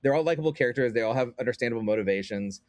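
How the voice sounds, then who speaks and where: Male podcast guest, rapid and rambling, dry mic. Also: mid-range voice, no echo. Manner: rambling, animated, frequent fillers and restarts. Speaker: guest comic book writer. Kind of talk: casual podcast chat.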